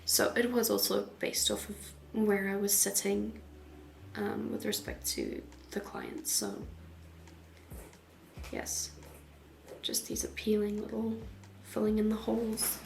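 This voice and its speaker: Woman tattoo artist, casual voice-over, mid-pitched, half-whispered asides, light hiss behind. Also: lively intonation, takes it slowly, creaky, pauses often.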